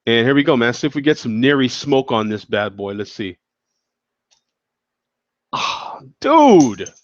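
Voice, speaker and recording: A man's voice: mid-range voice, a little fast, no room sound. A man hosting a casual beer-tasting show, rambling in a laid-back way, slightly congested from a cold. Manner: laid-back, rambling, peppered with "you know what I'm saying". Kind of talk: casual beer review chat. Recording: dull lo-fi dry sound.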